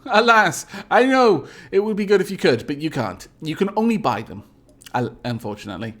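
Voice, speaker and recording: Lively man streaming a game. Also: a little high, fairly quick. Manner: theatrical narrating of event text; polite, formal phrasing. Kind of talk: live game stream commentary.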